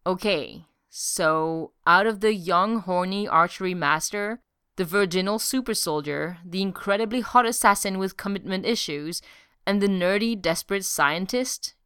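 A woman's voice: medium pitch, normal speed, bright, forceful tone, smooth, dry recording, clean studio sound, lightly acted. A woman voicing a brash, sarcastic man in armor, in an audiobook reading.

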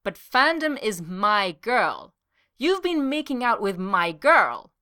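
Storybook read-aloud: a woman voicing a snappish, jealous young office guy, bright and sharp. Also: mid-range voice, expressive, moderate pace, natural voice. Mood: indignant. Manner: exasperated, snappish. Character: indignant young man, office worker, jealous.

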